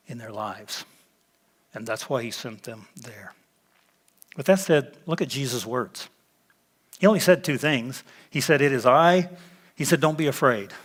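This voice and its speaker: Emphatic pastor preaching. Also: male voice, mid-range voice. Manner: teaching, emphatic with pauses, drops to quiet for weight. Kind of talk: sermon. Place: church sanctuary.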